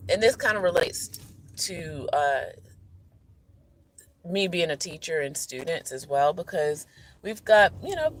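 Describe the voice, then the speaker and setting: A man who is a teacher, talking earnestly and candidly in a personal vlog, often checking in with "okay?". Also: sits high. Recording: loud vehicle noise behind.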